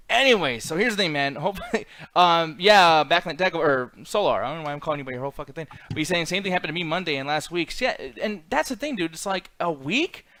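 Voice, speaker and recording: A man hosting a casual podcast, ranting and rambling with lots of swearing. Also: a little high. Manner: rambling, swears a lot, animated rants. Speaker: podcast host. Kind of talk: casual profane chat.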